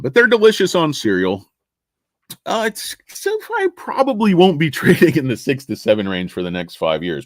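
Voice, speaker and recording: Profane, ranting livestream host, very lively pitch. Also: male voice, no echo, studio quality. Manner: ranting, profane, swings from loud to mumbling. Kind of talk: casual livestream chat reading viewer comments.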